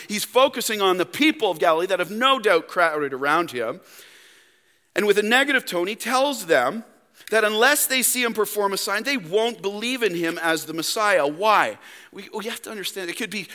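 A young male pastor preaches with a high, bright, forceful voice. He presses hard on key words, then drops to a hushed, intimate tone. The sound carries the long reverb of a church hall. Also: lively intonation, brisk. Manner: emphatic, swings from loud to hushed. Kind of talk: sermon. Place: church sanctuary.

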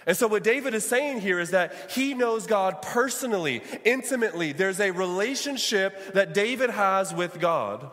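Male pastor, high voice, preaching in a church hall with long reverb. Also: expressive, moderate pace, hardly any pauses, fairly bright tone. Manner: preaching with call-and-response to the congregation. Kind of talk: sermon.

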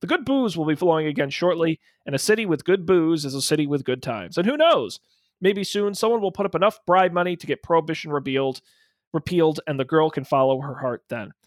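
A man narrating a detective role-playing game as game master, in animated noir style with playful asides. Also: on the high side, fairly quick, dry recording, clean studio sound.

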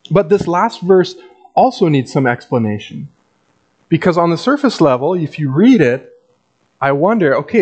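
A man preaches a sermon in an easy, conversational tone, dropping wry asides. His voice sits a little high. The recording sounds muffled and lo-fi. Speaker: pastor.

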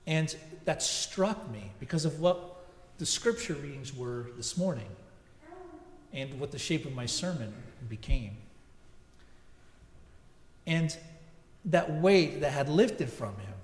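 Male pastor, higher voice, chatty sermon, echoey sanctuary. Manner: conversational storytelling with asides. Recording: echoey church hall.

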